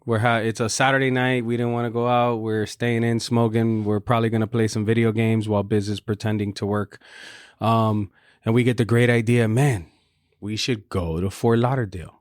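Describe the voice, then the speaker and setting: A man co-hosting a podcast, telling stories in animated casual chat. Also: mid-range voice, a little fast, clear, resonant tone, no echo, clean studio sound. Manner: animated storyteller. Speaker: podcast co-host.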